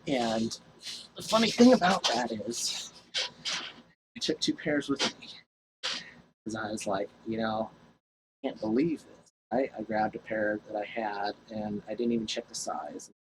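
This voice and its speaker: A man's voice: fairly low pitch, measured pace, pauses often, background noise. A man vlogging to his camera at home, telling a story casually in a rambling, profane way and laughing at himself.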